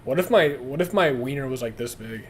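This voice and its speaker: A man's voice: mid-range voice, animated, brisk. Young guy streaming, rambly and crude, laughs a lot, faint noise behind. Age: young adult. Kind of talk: casual livestream chat.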